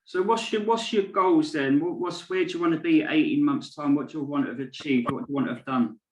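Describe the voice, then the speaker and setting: Podcast host in an echoey room. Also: male voice, fairly high pitch, quick pace. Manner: rambling, hesitant questions with fillers. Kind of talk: casual podcast interview.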